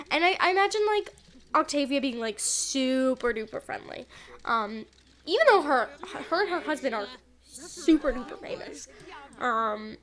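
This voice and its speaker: High-voiced excitable young woman gamer. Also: normal speed. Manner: chatty, animated, lots of "like" and "oh my gosh". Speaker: gaming YouTuber. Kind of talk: excited let's play commentary.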